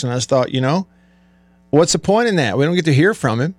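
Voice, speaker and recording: A man's voice: fairly high pitch, lively intonation, fast, dry recording. A man hosting a country radio show, chatting casually and rambling with a co-host, often laughing. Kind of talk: casual on-air banter. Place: radio studio.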